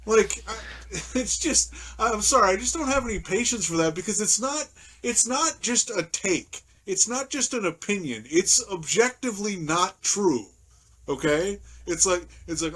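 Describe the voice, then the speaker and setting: A man's voice: sits high, expressive, brisk, fairly bright tone, low-quality recording. A man co-hosting a casual sports podcast, exasperated and swearing, mocking the opinions he disagrees with. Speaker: podcast co-host. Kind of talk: casual chat.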